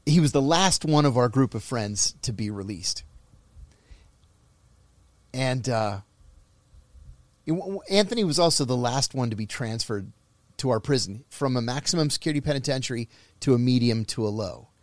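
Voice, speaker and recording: A man's voice: medium pitch, normal speed, pauses often, dry recording. A middle-aged man telling a story in casual conversation, acting out the voices of the people he quotes. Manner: animated, acts out quoted voices. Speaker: podcast guest.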